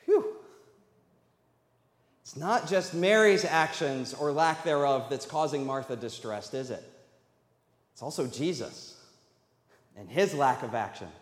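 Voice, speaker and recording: In a church sanctuary, a male pastor preaches a sermon in a medium-pitched, unhurried voice. He talks conversationally and puts questions to the congregation, and the echoey hall gives the recording a long reverb.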